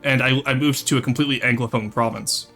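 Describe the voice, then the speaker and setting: A man's voice: mid-range voice, fairly even intonation, quick pace, pushed and bright, soft background music. A young man from Ontario, chatting casually on a live stream, reading chat and switching between English and French with frequent laughs. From Ontario, Canada.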